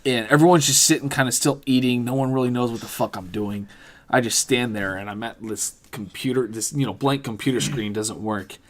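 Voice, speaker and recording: A man's voice: medium pitch, fairly even intonation, brisk. A man, a podcast guest, telling a rambling, profane story in casual chat, often correcting himself as he goes. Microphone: studio mic.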